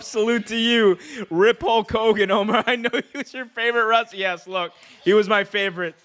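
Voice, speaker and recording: A man hosting a live wrestling watch-along, talking in an excitable, slangy way and laughing often. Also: high-pitched, normal speed, few pauses, clear, resonant tone. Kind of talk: live reaction commentary.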